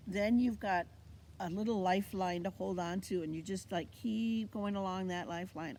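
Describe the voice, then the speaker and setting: An Indigenous cultural teacher gives an informal teaching talk outdoors on a fall plant walk, animatedly telling stories and acting out the voices she quotes. Her voice is fairly low and darkish, at a normal speed, with slight background noise.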